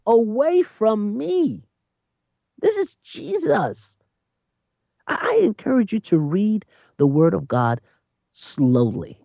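An animated preacher who talks emphatically in conversation, laughing between points and slowing down to stress key phrases. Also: mid-range voice, gravelly, dry recording, studio quality. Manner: lively, emphatic, repeats "you know what I'm saying".

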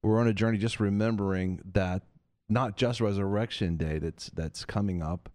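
A man's voice: fairly low pitch, fairly even intonation, moderate pace, darkish tone, no room sound, studio quality. A man hosting a Christian talk show, preaching earnestly and repeating phrases for emphasis. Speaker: host of a Christian TV and radio show.

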